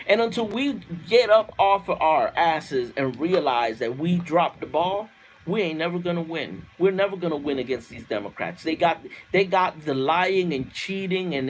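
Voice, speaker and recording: A man with a high voice rants fiercely on a livestream, swearing freely and circling back on his points. He keeps pushing into loud outbursts. A faint hiss sits under his voice. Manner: fiery, profane, repeats himself, laughs at own lines. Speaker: livestream host reading viewer comments. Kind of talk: heated political rant on a livestream.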